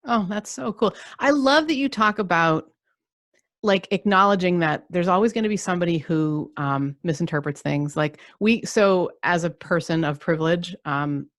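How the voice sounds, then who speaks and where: A woman's voice: on the low side, normal speed, no room sound. Woman podcast host, chatty rambling storyteller, laughs a lot, dry close sound. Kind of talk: casual conversation.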